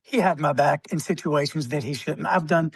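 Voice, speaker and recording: A man, a military veteran, telling stories as a podcast guest with many fillers, often clearing his throat. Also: fairly high pitch, normal speed, no room sound. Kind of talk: casual storytelling interview.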